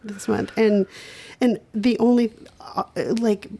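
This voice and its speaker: A young woman, a singer and new mother, talking as a podcast guest in a soft, open, reflective way. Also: on the high side, steady tone, takes it slowly, gravelly. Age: young adult. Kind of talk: casual interview chat.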